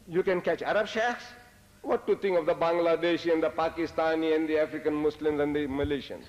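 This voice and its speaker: An older man giving a religious lecture, telling lively, humorous stories and dropping Arabic phrases. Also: fairly high pitch, fast, muffled recording. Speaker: Islamic lecturer. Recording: echoey lecture hall.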